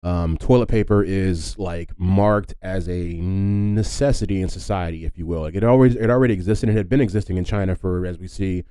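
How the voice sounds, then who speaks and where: A man's voice: low voice, fairly quick, hardly any pauses, dark tone, clean tone, dry recording. A man hosting a casual solo history podcast, chatty and rambling with lots of fillers and asides. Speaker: podcast host.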